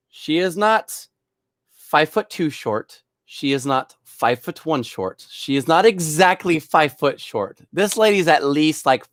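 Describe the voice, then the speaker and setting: A man's voice: mid-range voice, a bit bright, no room sound, clean studio sound. A young man, a bartender, telling rambling stories from work in a casual way, often chuckling. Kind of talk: casual storytelling.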